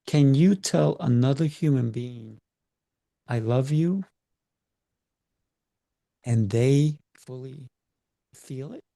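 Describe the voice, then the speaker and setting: A middle-aged man speaking as a podcast guest, deliberate and emphatic, drawing out key words. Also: mid-range voice, creaky, warm tone, breathy edge, no room sound, clean studio sound. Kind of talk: measured podcast talk.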